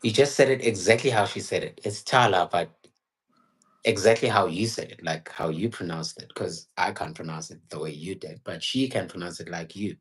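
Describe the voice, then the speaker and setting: A man from South Africa who works as a delivery driver, chatting casually and telling a story with halting restarts. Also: low voice, fairly bright tone, breathy edge. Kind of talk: casual chat.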